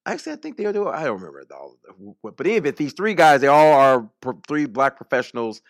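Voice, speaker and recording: A man's voice: mid-range voice, big pitch swings, fast talker, no room sound, clean studio sound. A man hosting a political talk radio show, speaking in an emphatic, repetitive monologue.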